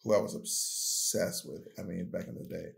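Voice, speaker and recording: A man's voice: deep voice, fairly even intonation, moderate pace, creaky, reverberant. A man co-hosting a podcast in casual chat, laid-back and reading off a list of names. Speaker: podcast co-host.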